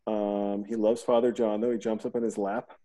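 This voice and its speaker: A man's voice: lowish voice, level tone, normal speed, warm tone. A middle-aged man hosting a podcast in casual chat, rambling and joking, acting out quotes and swearing freely. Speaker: podcast host.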